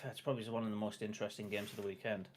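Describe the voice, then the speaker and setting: A man's voice: on the low side, level tone, racing. A man with a Sunderland accent hosting a casual football watch-along stream, chatting loosely with viewers and laughing often. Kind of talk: casual live-stream chat.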